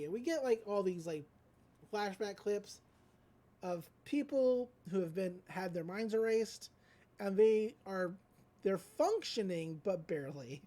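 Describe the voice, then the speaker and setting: A woman hosting a podcast, retelling a cartoon episode in casual chat with animated storytelling and quick character voices. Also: mid-range voice. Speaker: podcast host.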